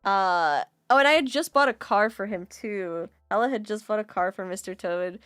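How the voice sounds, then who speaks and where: A young adult woman streamer in casual chat, animated, often laughing and swearing as she tells a story. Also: medium pitch, moderate pace, smooth, no room sound, clean studio sound, soft background music.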